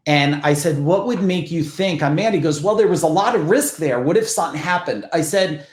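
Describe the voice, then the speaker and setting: A man with a fairly high voice tells business stories in a casual, emphatic way. He swears freely and slips into the voices of the people he quotes. The room has a noticeable echo. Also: animated, fairly quick, few pauses. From New Jersey. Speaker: podcast guest, business founder. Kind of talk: casual storytelling.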